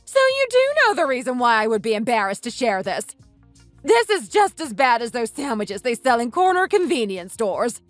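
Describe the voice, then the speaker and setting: A woman voicing a shrill, sneering snob. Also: sing-song, moderate pace, no room sound, faint music behind. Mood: scornful. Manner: haughty, sneering, shrill outbursts. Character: snobbish young woman, spiteful and condescending. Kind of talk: voiced texting story.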